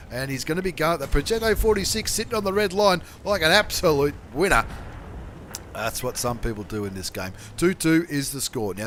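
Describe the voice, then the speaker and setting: A man hosting a game channel, commentating replays in a chatty, slangy way and bursting into excited shouts and swearing. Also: mid-range voice, slight background noise.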